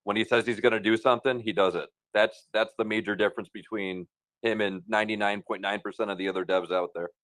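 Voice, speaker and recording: A man's voice: fairly low pitch, steady tone, fast, a bit bright, dry recording. A man co-hosting a casual group voice chat, friendly and stumbling over repeated words. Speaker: co-host of a crypto voice chat.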